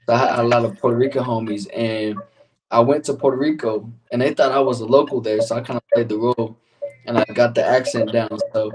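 A man with a Chicano American accent talks in a loose, laid-back way, swearing freely and laughing as he goes. He sounds set back from the microphone, with a steady hiss of noise behind him. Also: mid-range voice, brisk. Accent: Chicano American English. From United States. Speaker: podcast host. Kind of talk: casual podcast chat. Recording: distant mic with audible noise.

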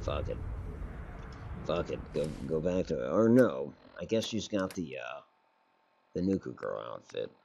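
Over loud game gunfire and artillery, a man streams a game with casual, rambling commentary, correcting himself and swearing offhandedly. His very deep voice is creaky and sing-song at a normal pace. A little hiss or hum sits in the recording.

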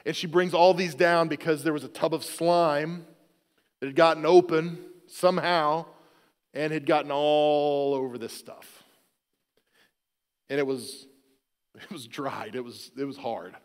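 A fairly high-voiced man preaches from the pulpit in a church, spinning a homey story with easy self-deprecating jokes. His voice rings out with a long echo through the large sanctuary. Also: steady tone, unhurried, pauses often. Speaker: pastor. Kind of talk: sermon.

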